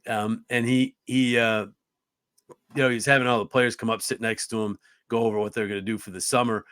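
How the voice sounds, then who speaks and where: A man in his fifties from upstate New York, a hockey play-by-play broadcaster, telling career stories as a podcast guest. He talks in a lively, earnest way, restarts often, and jumps his voice up to act out what others said. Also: lowish voice, a little fast, no room sound, clean studio sound. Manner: lively storyteller who acts out other people's lines with his voice jumping up; frequent restarts and "uh"s, chatty and earnest. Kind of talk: conversational storytelling in a podcast interview.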